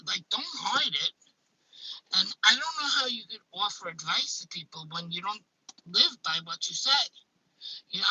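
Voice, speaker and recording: A woman with a thick Staten Island accent rants bluntly on a live stream. Her voice is piercingly bright and noticeably husky. She swears freely and stumbles into restarts. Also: medium pitch, no room sound, low-quality recording. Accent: Staten Island, New York. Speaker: YouTuber hosting a live stream. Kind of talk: casual live-stream rant.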